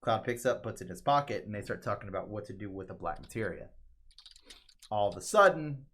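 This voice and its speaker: A man's voice: lowish voice, fairly quick. A man casually recapping a video game story, acting out the characters' lines with lots of fillers. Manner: animated retelling with quoted voices and frequent fillers. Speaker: podcast co-host.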